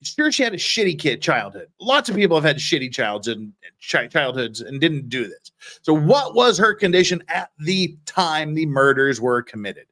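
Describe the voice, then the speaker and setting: A man with a fairly high voice hosts a loose livestream, reading out viewer comments and answering them bluntly. He swears freely and rambles, restarting his sentences as he goes. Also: sing-song, moderate pace, few pauses, a bit bright. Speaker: legal commentary livestream host.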